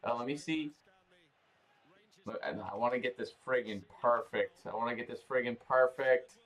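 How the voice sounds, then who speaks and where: A man's voice: mid-range voice, moderate pace, fairly bright tone. A man hosting a casual live watch-party stream, rambling with playful, crude banter and swearing. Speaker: livestream host.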